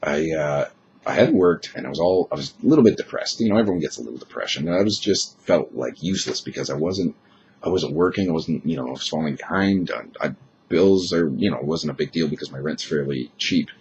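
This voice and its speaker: A man's voice: very deep voice, expressive, brisk, a little mellow, muffled recording, a little hiss or hum. A young man with a chest cold, rambling frankly and swearing freely in a casual vlog monologue. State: chest cold, unusually deep voice. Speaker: vlogger.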